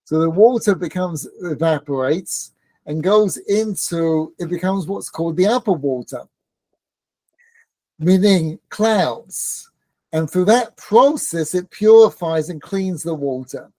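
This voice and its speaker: Joking rabbi with a mellow voice. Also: male voice, on the high side, expressive, takes it slowly, dry recording. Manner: joking, conversational, asks the room questions. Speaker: rabbi teaching a Torah class. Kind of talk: informal Torah lesson with banter.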